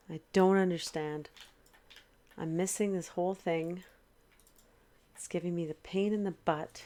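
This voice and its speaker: A woman's voice: lowish voice, fairly even intonation, measured pace, pauses often, warm tone, echoey room. A woman streaming a game, grumbling and muttering to herself in exasperation. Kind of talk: casual live-stream talk.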